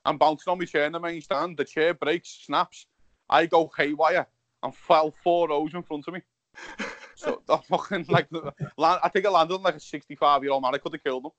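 A man in his thirties with a Liverpool accent, telling animated, sweary stories in casual chat. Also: a little high, brisk, no room sound, dull audio. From Liverpool, England.

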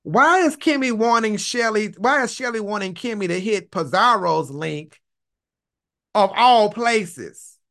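A man hosting a livestream, chatting in an animated, profane way and laughing often. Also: sits high, unhurried, vocal fry. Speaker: livestream host. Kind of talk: casual commentary chat.

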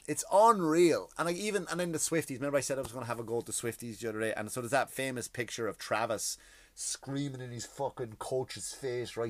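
A man's voice: mid-range voice, no echo. A male comedian hosting a podcast, talking in a rambling, profane monologue that often stops and restarts mid-sentence.

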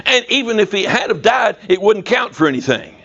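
A man preaching a sermon in a prison, telling a story in a folksy, animated way. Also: sits high, fairly quick, lo-fi sound. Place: prison chapel.

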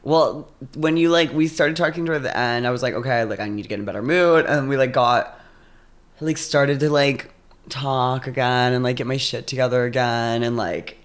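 A man rambling casually on a podcast, leaning on "like" between nearly every phrase as he tells his side of a story. His voice sits at an ordinary middle pitch. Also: normal speed. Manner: rambling, heavy use of "like". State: arm in a sling. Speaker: podcast co-host. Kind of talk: casual chat.

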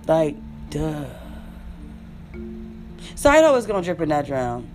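A woman's voice: a little high, very animated, moderate pace, pauses often, faint music behind. A young adult woman ranting bluntly and sarcastically to her viewers, full of profanity. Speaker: vlogger. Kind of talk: ranting monologue.

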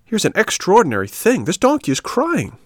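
A man voicing an impulsive wooden puppet boy, eager and pleading, rising to high exclaims. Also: wildly swooping pitch, brisk, dry recording, studio quality. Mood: astonished.

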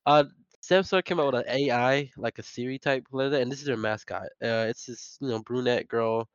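A man's voice: medium pitch, brisk, smooth, dry recording. A young man co-hosting a podcast, telling rambling stories with lots of laughs and restarts. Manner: rambling, laughing, animated storyteller. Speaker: podcast co-host. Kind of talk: casual podcast banter. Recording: muffled lo-fi recording.

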